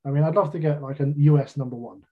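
A British man talks in an easy, rambling way, full of jokey asides at his own expense. His voice is husky and slightly rough, at an ordinary pitch. The recording sounds a little dull and lo-fi. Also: fairly even intonation, fast. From Britain. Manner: chatty, self-deprecating, jokey asides. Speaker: author being interviewed. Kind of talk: casual interview chat.

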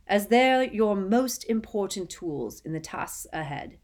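A woman voicing a bouncy, jovial middle-aged male official who talks in a hearty, brisk way in an audiobook. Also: medium pitch, lively intonation, darkish tone, pitched above the performer's own voice. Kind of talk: audiobook character voice.

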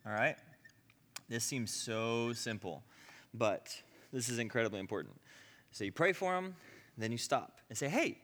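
A man's voice: mid-range voice, expressive, normal speed, long pauses, fairly bright tone, long reverb tail. A man teaching a class on healing prayer in a conversational way, with frequent asides and "okay?" checks. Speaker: ministry teacher.

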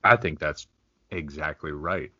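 Deep voiced guy cohosting a crude comedy podcast, laughs a lot, dry muffled audio. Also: a little slow, no room sound. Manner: laughs often, animated jokey delivery. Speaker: podcast co-host. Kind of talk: casual crude comedy chat.

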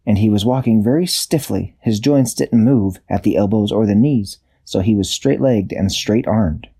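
Husky, low-voiced man telling a story. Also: warm tone. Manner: unhurried, searching for words, with small self-corrections. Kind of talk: improvised bedtime story narration.

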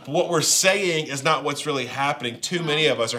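A man's voice: fairly high pitch, fairly quick, pushed and bright. A man with a Southern accent, preaching a sermon in a conversational, joking way with playful asides. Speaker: pastor.

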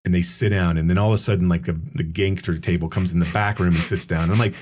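A man's voice: low-pitched, fairly even intonation, quick pace, darkish tone, slight background noise. A man co-hosting a podcast, talking casually and profanely about a film, rambling with many restarts. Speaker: podcast co-host.

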